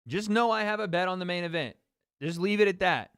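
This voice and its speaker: A man with a high, smooth voice speaks fairly quickly in a fairly bright tone, recorded dry at studio quality. Hosting a casual stream, he reacts to fight chat, addressing viewers loosely and chattily with jokes and repetition.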